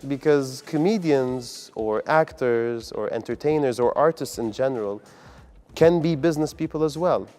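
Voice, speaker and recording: A man's voice: mid-range voice, normal speed, darkish tone, faint music behind. Upbeat earnest male comedian. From United Arab Emirates. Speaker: comedian and guest. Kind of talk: interview answers.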